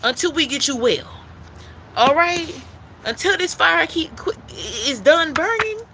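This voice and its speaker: A woman's voice: high voice, lively intonation, a little slow, noisy background. A woman giving a spiritual tarot reading, emphatic and repetitive, who calls the listener baby and swears casually. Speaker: intuitive card reader.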